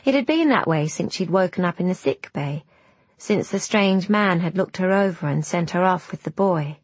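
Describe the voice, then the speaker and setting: A woman narrating an audiobook in a slow, measured storytelling manner. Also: lowish voice, lively intonation, husky, dry recording.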